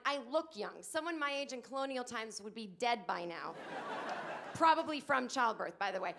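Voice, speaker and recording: A woman in her late thirties doing a stand-up comedy set on a club stage, acting out other people's lines in shrill put-on voices. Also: lively intonation, moderate pace, vocal fry, fairly bright tone. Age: 30s.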